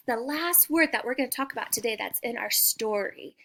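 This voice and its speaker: A woman teacher giving a slow phonics lesson for young children, sounding out letters with exaggerated care and praising the listener. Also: high voice.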